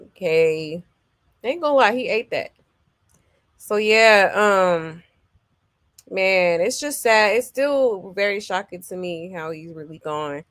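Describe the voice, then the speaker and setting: A woman hosting a celebrity gossip livestream, chatting casually and filling pauses with "um" and "okay". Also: medium pitch, fairly bright tone, no echo, clean studio sound. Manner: loose and chatty, full of "um" and "okay" check-ins; reads viewer comments aloud. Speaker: celebrity gossip show host.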